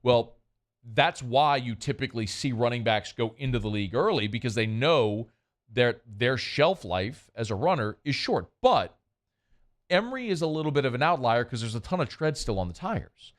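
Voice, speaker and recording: A man's voice: medium pitch, lively intonation. A man hosting a sports radio show, chatting loosely about sports and doing a live ad read. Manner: chatty, loose, quick asides.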